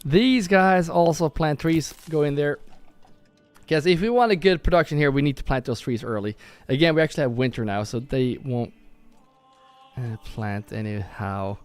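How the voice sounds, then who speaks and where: A man's voice: fairly high pitch, normal speed, clear, resonant tone. A man casually commenting on his own gameplay on a live stream, thinking aloud and often correcting himself. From Norway. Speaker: gaming streamer. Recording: faint background music.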